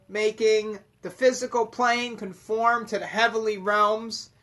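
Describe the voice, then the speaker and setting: A man's voice: high voice, a bit bright. A man explaining mystical ideas in a casual, rambling monologue, swearing constantly and emphatically.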